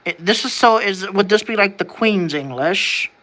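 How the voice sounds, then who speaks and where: Bright, rambling vlogger. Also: mid-range voice, expressive, normal speed. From United States. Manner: rambling and wondering aloud, with frequent restarts and casual swearing. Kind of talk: casual musing to camera.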